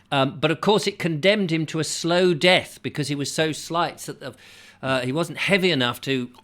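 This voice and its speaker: A man's voice: mid-range voice, a bit bright. Chatty, rambling English man. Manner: chatty, digressive, many fillers and asides to viewers. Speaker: host. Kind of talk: rambling storytelling to camera. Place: home studio.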